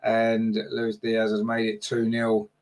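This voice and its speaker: A man's voice: lowish voice, completely flat delivery, takes it slowly, darkish tone. Male fan-channel commentator, partisan and conversational, spikes in energy on attacks. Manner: partisan, chatty, rises sharply on chances.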